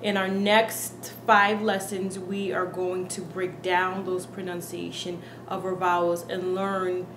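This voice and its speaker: A woman giving a casual pronunciation lesson, speaking earnestly and slowly repeating each sound to demonstrate it. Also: lowish voice, flat delivery. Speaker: Spanish pronunciation teacher. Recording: echoey room with faint background hiss.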